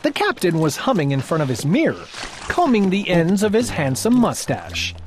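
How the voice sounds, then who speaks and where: Animated woman reading a storybook. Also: sits low, normal speed, faint music behind. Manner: expressive, animated narration. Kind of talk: storybook read-aloud.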